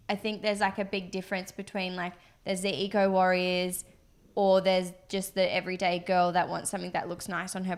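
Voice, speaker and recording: A woman's voice: lowish voice, fairly bright tone. A young adult woman co-hosting a podcast, chatting casually and rambling with lots of fillers. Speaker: podcast co-host, business co-founder. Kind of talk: casual chat.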